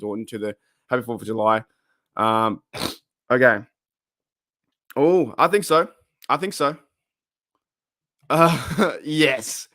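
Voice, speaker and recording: An Australian man hosting a live sports podcast, chatting excitedly, reading viewer comments and restarting his sentences often. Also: mid-range voice, no room sound, studio quality. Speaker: podcast host.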